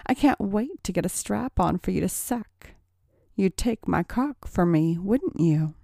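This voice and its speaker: A woman's voice: medium pitch, animated, a little slow, gravelly, warm tone, dry recording, clean studio sound. A woman voicing a bossy young woman who teases and commands her partner. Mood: commanding. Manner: teasing, commanding. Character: bossy young woman, teasing dominant mistress.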